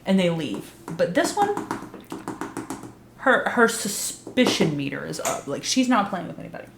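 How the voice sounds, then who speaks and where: A woman with a somewhat low voice tells a story casually and swears a lot, acting out characters' lines as she goes. The recording sounds roomy and echoey, with a faint hiss underneath. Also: very animated, normal speed, vocal fry. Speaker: video recap host. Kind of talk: casual profane recap commentary.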